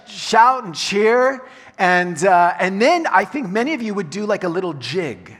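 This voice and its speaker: A fairly high-pitched man preaches in a church sanctuary, his voice trailing off in long reverb. He talks to the room like a chatty pastor, loose and conversational, with quick laughing asides. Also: very animated, fairly bright tone. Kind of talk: sermon. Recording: long reverb of a large hall.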